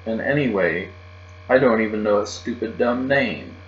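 A man voicing a bratty, excitable little girl in a children's audiobook reading, whiny and loud. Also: lowish voice, normal speed, lightly acted. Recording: roomy, dull, with mains hum.

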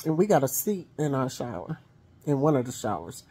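Rumbling low and husky yet warm, her very animated voice runs a little fast. She's a middle-aged woman telling stories in a chatty vlog, wheezing, coughing, and calling her viewers honey and y'all.

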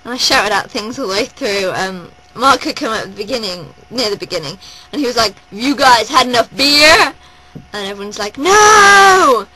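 A woman vlogging at home, gushing and rambling in a breathless, excited rush. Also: medium pitch, a little fast, few pauses, low-quality recording. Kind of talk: excited personal vlog. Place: at home indoors.

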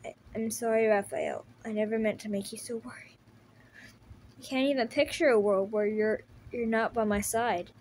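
A woman's voice: on the high side, normal speed, hardly any pauses, darkish tone, a little hiss or hum, lightly acted. A woman voicing a wounded, desperate teenage boy turtle who talks in pained, breathless bursts. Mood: tender. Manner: breathless, pained, whispering at times. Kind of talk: fan audio drama voice acting.

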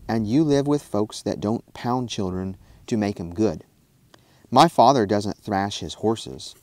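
A man's voice: fairly low pitch, darkish tone, no echo. A man doing a cheery farm boy. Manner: cheery and reassuring.

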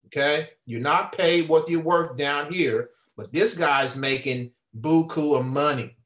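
Male income coach, high and unhurried, preachy and repetitive, echoey room. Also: a bit bright. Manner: preachy, repeats and restarts phrases, asks the viewer questions. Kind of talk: whiteboard pitch to camera.

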